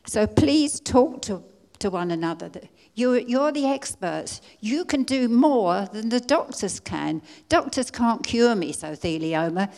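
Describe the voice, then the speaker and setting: An older woman from England giving an earnest personal testimony at a conference, pleading and halting now and then as she restarts her words. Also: a little high, a little mellow. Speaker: conference speaker. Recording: long hall reverb.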